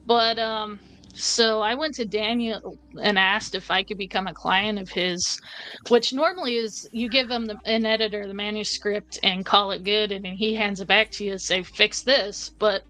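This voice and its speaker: Bright-voiced woman rambling casually. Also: medium pitch, low-quality recording. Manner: rambling, self-deprecating, with laughs and restarts. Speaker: author discussing her book. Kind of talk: casual chat.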